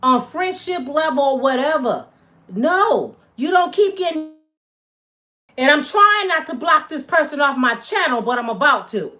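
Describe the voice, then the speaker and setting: Heated high-voiced woman ranting to viewers. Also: pushed and bright. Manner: heated, emphatic, addresses viewers as y'all. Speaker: channel host. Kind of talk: angry vlog rant to viewers.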